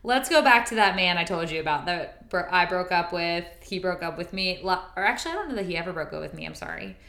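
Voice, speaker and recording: Woman, 30s, podcast co-host; chatty storyteller, slightly low, bright voice, echoey room. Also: animated, fast talker. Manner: chatty, storytelling, reads lyrics aloud. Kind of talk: casual chat about songs.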